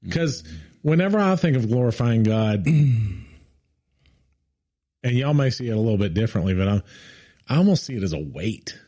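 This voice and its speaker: A man's voice: lowish voice, very animated, normal speed, pauses often, warm tone. A man in a casual faith discussion, earnest and thinking aloud as he searches for words.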